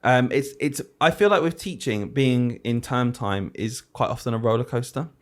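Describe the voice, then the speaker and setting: Animated teacher telling stories. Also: male voice, medium pitch, normal speed. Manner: animated storyteller, acts out quotes. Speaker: podcast co-host, teacher. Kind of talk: casual chat.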